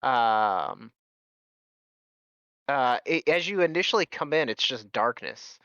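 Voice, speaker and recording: Male game master, bright tone, halting delivery with fillers, dull lo-fi recording. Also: medium pitch, lively intonation, dry recording. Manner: halting, many ums and restarts. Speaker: dungeon master. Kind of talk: narrating a tabletop game. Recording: dull, lo-fi sound.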